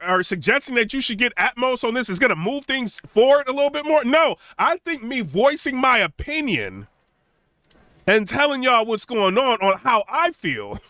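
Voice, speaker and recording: Speaking in a bright, high voice, a young man who hosts a tech channel animatedly recounts a story, peppering it with fillers and constant "right?" and "you know?" tags. When quoting others he imitates them in a higher, mocking tone, and the recording is dry and close-miked.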